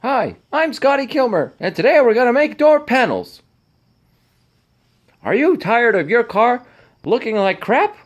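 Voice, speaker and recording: A man putting on an over-excited, hammy impression of a male car-repair show host. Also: measured pace, pauses often, muffled recording, full character voice. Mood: hyped. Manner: loud, high and hammy.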